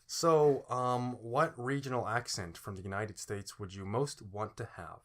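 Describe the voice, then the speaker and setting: A man's voice: mid-range voice, unhurried. A man co-hosting a podcast in casual chat who explains things patiently and laughs often. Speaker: podcast co-host.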